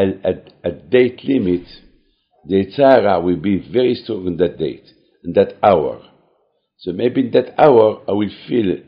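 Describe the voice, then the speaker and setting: A man with a very low, gravelly voice gives an earnest short sermon, circling back over his words and stumbling into restarts. The recording sounds dull and lo-fi. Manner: earnest, repeating phrases, halting restarts. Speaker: cantor and speaker. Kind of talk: short talk to a congregation.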